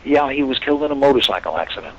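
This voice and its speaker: Gravelly older man telling stories. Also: mid-range voice, very fast, highs cut off, background noise. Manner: animated anecdotes, acts out quoted voices. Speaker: guest actor. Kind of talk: storytelling interview chat.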